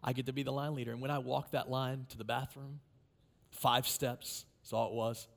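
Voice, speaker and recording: A man preaching a sermon as pastor, animated and emphatic, with repeated phrases. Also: mid-range voice, moderate pace, creaky.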